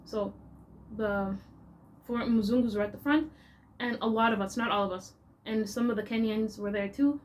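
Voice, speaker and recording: A young woman with a Canadian accent, telling stories in a casual, animated, chatty way as a vlogger. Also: a little high, normal speed, pauses often, slight background noise. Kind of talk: casual storytelling.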